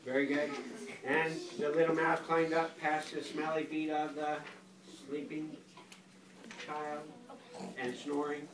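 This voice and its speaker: An older grandfather reading a picture book aloud to a school class in a playful, animated way, stopping often to quiz the children. He is recorded from across an echoey classroom full of kids. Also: fairly high pitch, takes it slowly, pauses often, far from the mic, background noise. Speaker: guest reader, grandfather.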